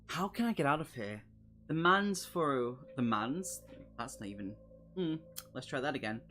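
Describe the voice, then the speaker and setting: A man's voice: medium pitch, lively intonation, moderate pace, fairly bright tone, faint music behind. A man streaming a live playthrough, reading a horror gamebook aloud and chatting jokily with his viewers between passages. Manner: chatty, jokey, talks to chat between passages. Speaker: streamer host.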